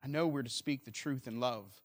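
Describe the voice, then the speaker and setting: A man preaching a sermon earnestly, moving between loud emphasis and quiet, slow stresses. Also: medium pitch. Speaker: pastor.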